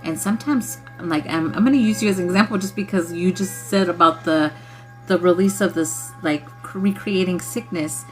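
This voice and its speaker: A woman's voice: lowish voice, normal speed, faint music behind. A woman hosting a casual spiritual livestream, speaking bluntly with lots of swearing and frequent laughter. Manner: blunt, profane, laughs often. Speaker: livestream host.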